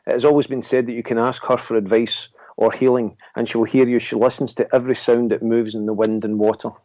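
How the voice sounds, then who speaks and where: A man chatting on a paranormal podcast, telling a story in a halting, rambling way with chuckles. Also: mid-range voice, little pitch movement, mellow, no room sound. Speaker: paranormal investigator co-host. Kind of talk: casual podcast chat. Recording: dull lo-fi audio.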